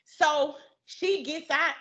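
A woman's voice: high voice, fairly even intonation, slow, pushed and bright. A young woman telling a dramatic, profane story in a casual podcast chat, acting out both sides of the argument. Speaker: podcast guest. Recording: muffled lo-fi podcast audio.

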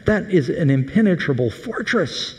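A man's voice: fairly high pitch, expressive, normal speed, a little mellow, husky. A preacher acting out fearful whining spies, man's voice. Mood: dismayed. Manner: moaning, dismayed. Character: ten fearful male spies, whining and gloomy. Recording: echoey hall reverb.

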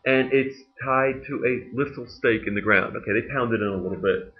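A man delivers a sermon in an easy, talkative manner, with wry asides and bursts of laughter along the way. His voice sits at an ordinary middle pitch. The recording is somewhat muffled and lo-fi. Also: a little fast. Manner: conversational preaching with jokes and laughs. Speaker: pastor.

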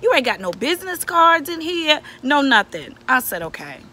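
A woman's voice: high voice, sing-song, normal speed, sharp tone. A young woman vlogger ranting casually to camera, exasperated and profane, repeating herself for emphasis. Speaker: beauty vlogger reviewing a wig.

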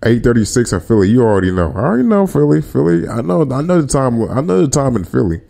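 A man's voice: medium pitch, fast talker, gravelly, hardly any pauses. A man hosting a podcast livestream, chatting casually with his viewers in slang. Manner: animated, slangy, talks to chat. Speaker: podcast host.

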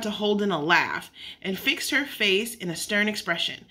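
A woman's voice: medium pitch, expressive, moderate pace, sharp tone. A woman reading a children's story aloud, unpolished, with occasional slips and self-corrections. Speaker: narrator.

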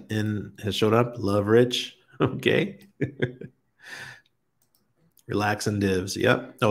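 A man's voice: lowish voice, vocal fry, breathy edge. A man hosting a casual livestream, chatting easily with viewers and chuckling often as he reads their comments. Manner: relaxed, chuckles often, greets chat viewers by name. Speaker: crypto livestream host. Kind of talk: casual live-stream chat reading viewer comments.

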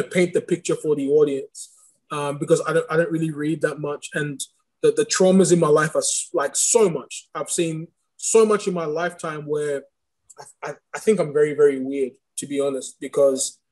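A man with a speech impediment, a podcast guest giving long, reflective answers and thinking aloud. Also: fairly high pitch. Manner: rambling, thinks aloud with restarts.

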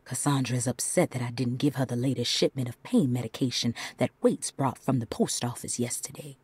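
A woman voicing an anxious young diary writer in a breathy whisper, as a whispered role-play in a game. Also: extremely low pitch, fairly quick, darkish tone, dry recording, heavily acted.

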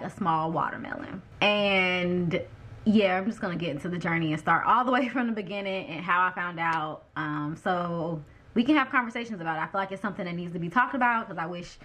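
A young woman telling a personal story to her viewers in a chatty, animated way, acting out the voices of the people in it. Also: fairly low pitch. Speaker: vlogger. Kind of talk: candid storytelling to camera.

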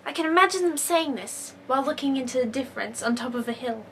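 A woman's voice: high voice, animated, quick pace, a bit bright, slight background noise. A woman vlogger talking to camera in a casual comedic monologue, wry and playfully sarcastic.

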